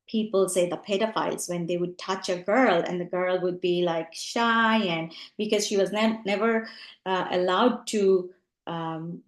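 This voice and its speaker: A woman teaching as a relationship coach, speaking reflectively with frequent ums and softer asides. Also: mid-range voice. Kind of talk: teaching talk. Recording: roomy echo.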